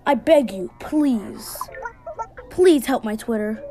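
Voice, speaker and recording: A woman voicing a frantic, worried mother in a video game, pleading and high-strung. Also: expressive, takes it slowly, noisy background.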